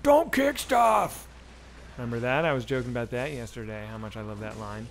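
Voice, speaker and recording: On a casual gaming stream, a man in his forties swears and banters with his viewers while playing. His mid-range voice is steady and quick, with a little hiss or hum in the background.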